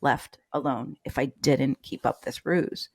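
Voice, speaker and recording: A middle-aged woman, a nurse and educator, telling her personal story as a podcast guest, animated and acting out quoted voices. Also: a bass voice, a little slow.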